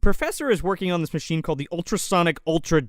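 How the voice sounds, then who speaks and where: A man's voice: a little high, rapid-fire, no echo, clean studio sound. A man co-hosting a casual movie review chat, swearing freely and acting out lines from the film. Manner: profane, animated, acts out quotes. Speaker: podcast co-host.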